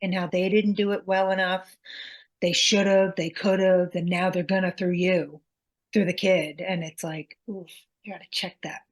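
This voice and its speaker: A middle-aged woman co-hosting a podcast reflects candidly, almost confessionally, on her own parenting mistakes in casual chat, acting out quotes in a sharper voice. Her pitch is fairly low with little movement, at a moderate pace.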